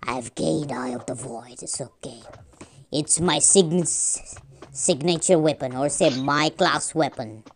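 A woman's voice: low-pitched, slow pace, slight background noise. A woman giving rambling casual commentary while playing a game, often correcting her own slips. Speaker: gamer.

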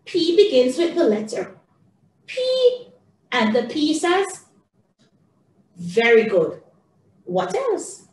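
A woman teaching young children, speaking in a slow, singsong, encouraging way, recorded a bit away from the mic in an echoey room with faint background noise. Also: sits high, very animated, a little mellow, distant mic.

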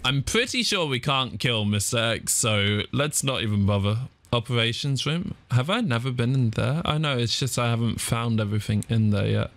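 A man giving let's play commentary on a horror game, panicky, his pitch jumping high when scared, often saying "fudge" in place of swearing. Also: expressive, normal speed, hardly any pauses, a bit bright, no room sound. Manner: swaps swear words for "fudge". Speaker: gaming YouTuber.

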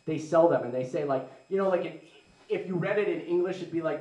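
A young adult man doing a rambling, self-deprecating stand-up comedy set, slipping into quick put-on voices of the people he mocks. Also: a little high, a crowd in the background. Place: live comedy venue with audience. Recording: roomy live venue, mic picked up from a distance.

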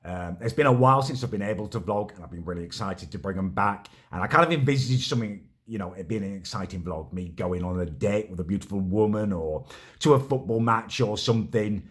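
A man's voice: on the low side, lively intonation, brisk, husky. A young man telling a vlog story about his neighbour in an exasperated, sweary way. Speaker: vlogger.

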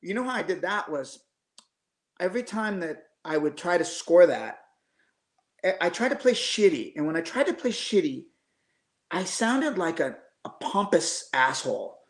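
A man in his fifties, a guest musician, telling animated anecdotes casually over a video call, with frequent restarts. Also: fairly high pitch, normal speed. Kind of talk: casual storytelling. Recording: echoey room.

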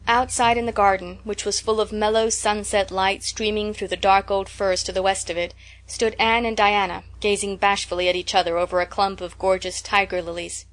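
Woman narrator, mid-pitched, measured and unhurried audiobook read. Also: flat delivery. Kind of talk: audiobook reading of a classic novel.

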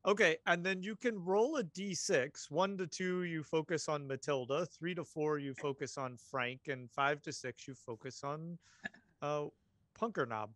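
A man acting as game master talks the players through their rolls, relaxed and a little halting. His voice sits a touch high, close and dry. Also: no room sound. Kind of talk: running a tabletop horror game online.

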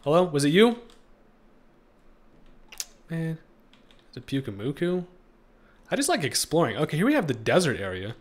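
A man's voice: fairly high pitch, wildly swooping pitch, moderate pace, pauses often. A young man giving playful let's-play commentary on a game, joking with the creatures he tries to catch. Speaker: gaming streamer.

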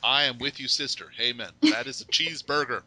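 Male host, General American, very bright tone, playful banter. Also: medium pitch, big pitch swings, poor audio. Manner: chatty, playful, quick to laugh. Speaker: podcast host. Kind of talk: casual interview chat.

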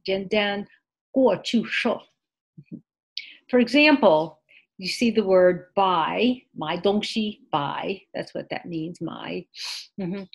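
A woman's voice: mid-range voice, slow pace, gravelly. A woman teaching an online English class, speaking patiently, repeating words and adding short Mandarin glosses. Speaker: ESL teacher. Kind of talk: online class lesson with screen sharing.

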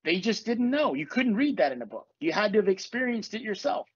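A man's voice: high voice, sing-song, fairly quick, slightly rough, no room sound, lo-fi sound. A man hosting a casual spiritual podcast, telling stories with plenty of swearing and acting out what people said. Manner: profane, storytelling, acts out quotes. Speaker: podcast host and coach.

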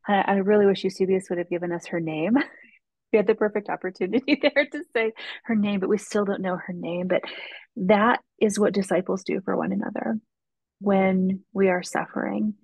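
A woman's voice: medium pitch, steady tone, normal speed, vocal fry, darkish tone, husky, no echo, rough recording. A woman guest author telling a faith story in an earnest way on a casual podcast, with frequent ums and restarts.

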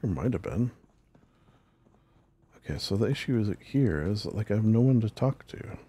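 A man's voice: lowish voice, expressive, moderate pace, dark tone, breathy edge. A man hosting a gaming channel, chatting casually and jokingly as he plays a role-play game. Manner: rambling, jokey, talks to himself.

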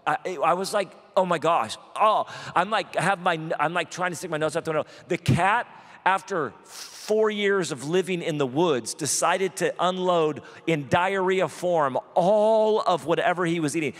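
A male pastor telling a funny personal story in a sermon, animated and self-deprecating, with quick asides. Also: a little high. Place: church auditorium. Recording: large hall with long reverb.

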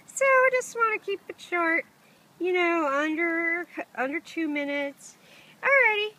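A woman's voice: extremely high pitch, expressive, unhurried, pushed and bright. A woman in a playful, chatty home video, greeting her chickens and her viewers in a sing-song voice, often laughing, outdoors in a chicken yard. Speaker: vlogger and backyard chicken keeper.

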